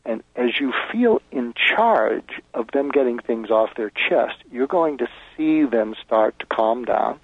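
Gravelly man on a tinny phone line. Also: medium pitch, lively intonation, slow, few pauses, dry recording. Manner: explains step by step, acts out sample lines. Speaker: guest author. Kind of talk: advice interview.

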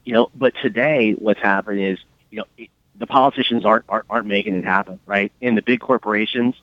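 A man speaking as a radio interview guest, upbeat but halting with many restarts. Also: fairly low pitch, steady tone, fairly bright tone, no echo, muffled recording. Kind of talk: casual interview talk.

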